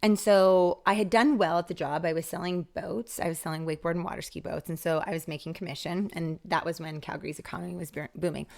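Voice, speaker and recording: A woman guest on a podcast telling a personal story in casual talk, acting out quoted dialogue with lively shifts. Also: on the low side, quick pace, gravelly, hardly any pauses. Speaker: podcast guest, author and speaker.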